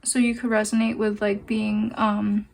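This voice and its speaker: A young adult woman giving a pick-a-card tarot reading, speaking gently and meandering with fillers and pauses. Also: mid-range voice, little pitch movement, creaky. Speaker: tarot and oracle card reader.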